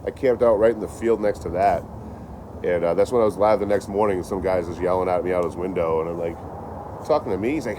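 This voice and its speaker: A man's voice: low-pitched, fast, background noise. A man chatting casually on a livestream, rambling and swearing, laughing often as he tells stories. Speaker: traveling livestreamer.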